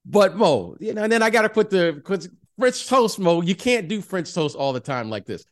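Co-host, male, higher voice with a very lively melody, animated and repetitive chat. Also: moderate pace. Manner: animated, repeats himself, keeps addressing his co-host. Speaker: podcast co-host. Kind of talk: casual chat.

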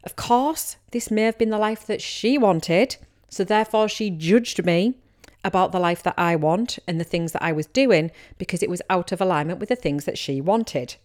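Here the Teesside business coach speaks at a moderate pace in a fairly low, slightly mellow voice. She chats candidly on her casual solo podcast, with the accent of her native Teesside, England, and occasionally plays out her listeners' likely thoughts.

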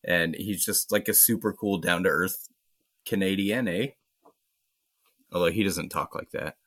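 Low-voiced laughing man from Maine. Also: steady tone, moderate pace, sharp tone, dry recording, clean studio sound. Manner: joking, laughs often, swears casually. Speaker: podcast co-host. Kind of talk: casual chat.

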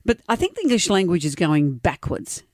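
A woman's voice: on the low side, big pitch swings, brisk, dry recording, studio quality. A woman co-hosting a radio show in casual chat, opinionated and wry. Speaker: radio co-host.

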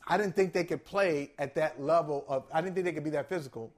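A man's voice: on the high side, fast talker. A man co-hosting a sports talk show, debating emphatically and repeating his points. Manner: emphatic, repeats phrases, acts out quotes.

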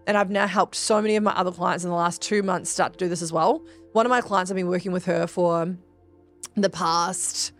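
A woman of middling pitch talks straight to her listeners in a casual, emphatic podcast monologue, dropping swear words as she coaches. Faint music plays softly underneath her voice. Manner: chatty and emphatic, swears freely, addresses listeners as guys. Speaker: podcast host and spiritual business coach.

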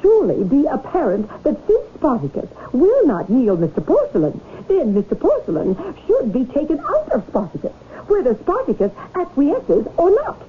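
High, lively, insistent wife; old radio-play sound over a thin, tinny line. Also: female voice, moderate pace, hardly any pauses, slight background noise. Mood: reasoning. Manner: persuasive, insistent. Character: determined wife trying to rescue her husband. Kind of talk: 1970s radio drama acting.

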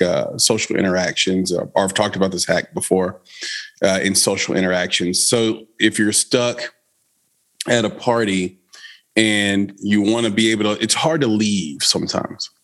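A man's voice: on the low side, moderate pace, fairly bright tone. A man hosting a podcast, chatting casually and joking with his co-host. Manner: joking, tells stories with funny voices.

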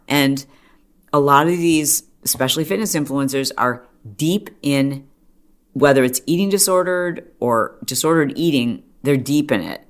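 A middle-aged woman hosting a podcast, talking in a chatty, animated way full of "like" and quick asides. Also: extremely low pitch. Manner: chatty, animated storytelling with frequent "like". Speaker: podcast host. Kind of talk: casual monologue.

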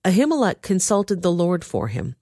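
A cold court informer reports what he saw, read by a woman. The voice is fairly low and close, with no room sound. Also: big pitch swings, normal speed, dark tone, no room sound. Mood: informing. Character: male informer at a king's court, cold and matter-of-fact.

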